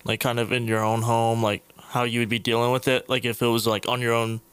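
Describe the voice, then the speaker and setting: A man hosting a casual chat, teasing and asking questions, quick to laugh. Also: medium pitch, flat delivery, a bit bright, clean tone.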